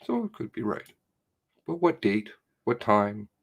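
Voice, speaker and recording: A man's voice: fairly low pitch, big pitch swings, a little slow. A man giving rambling, profane commentary while reading through material, muttering to himself and then flaring up. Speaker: independent online investigator.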